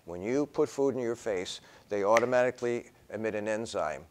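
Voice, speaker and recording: A man's voice: fairly low pitch, normal speed, slight background noise. An older man, a professor giving a conversational classroom lecture that wanders into personal stories and acted-out dialogue. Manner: acts out dialogue in quoted voices. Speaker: philosophy professor.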